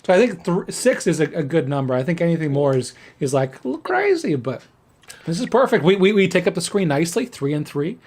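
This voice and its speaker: A man chatting casually as a guest on a live talk show, friendly and quick to laugh. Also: on the high side, very animated, a little mellow. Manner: friendly, laughs easily, loose filler words. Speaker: guest FPV drone pilot. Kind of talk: casual chat.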